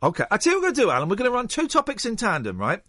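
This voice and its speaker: A man's voice: sits high, wildly swooping pitch, very fast, sharp tone, no room sound, studio quality. A man hosting a radio show in a playful, rambling, teasing way. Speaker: radio host. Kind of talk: casual radio chat. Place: radio studio.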